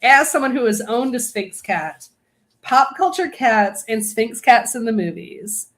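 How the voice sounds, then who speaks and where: A woman co-hosting a casual podcast chat, talking in animated, quick bursts of enthusiasm. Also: on the high side. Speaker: podcast co-host.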